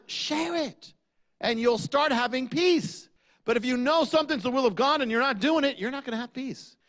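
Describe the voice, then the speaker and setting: A man preaching a sermon, asking rhetorical questions and dropping low on key lines. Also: a bit bright.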